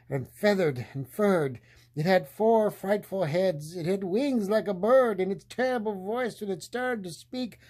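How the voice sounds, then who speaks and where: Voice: mid-range voice, a little mellow. A storyteller reading a picture book aloud in a playful way, often laughing along with the story.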